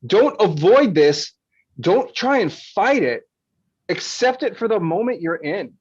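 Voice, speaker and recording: A man coaching calmly and frankly through a stress exercise, sometimes swearing and acting out frustrated thoughts. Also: high voice, a little slow, slightly rough, dull audio. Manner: frank, swears, acts out frustrated inner voices. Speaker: panel speaker. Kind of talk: casual coaching talk.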